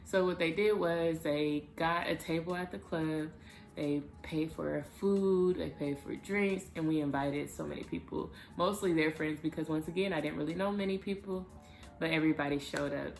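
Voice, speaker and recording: A woman vlogger telling a personal story to the camera in a casual, animated way, with emphatic bursts. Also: low voice, moderate pace, vocal fry, soft background music.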